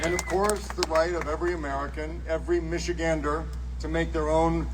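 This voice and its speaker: A man giving an earnest political rally speech outdoors, rising to shouts on key lines. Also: fairly high pitch, level tone, a little fast. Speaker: rally speaker. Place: outdoor rally beside a bus. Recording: distant outdoor rally mic with noise.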